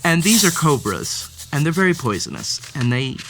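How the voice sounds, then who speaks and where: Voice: mid-range voice, sing-song, normal speed, background noise. A storybook read-aloud host narrating a children's story with playful, theatrical flair and speaking directly to the story's cat.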